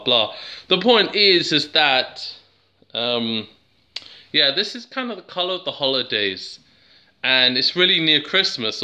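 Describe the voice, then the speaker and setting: A man's voice: mid-range voice, bright, forceful tone, dull audio. A man from England chatting casually to camera as he reviews a plant, joking and wandering off on tangents, recorded on a handheld camera. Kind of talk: casual rambling chat to camera.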